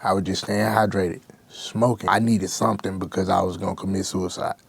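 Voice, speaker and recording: A man's voice: low voice, level tone, a little fast, gravelly, slightly rough, dry recording. A young man, a rapper guest, talking candidly and emotionally in slang-heavy speech. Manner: raw, emotional, slangy with constant "bro". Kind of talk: candid interview talk.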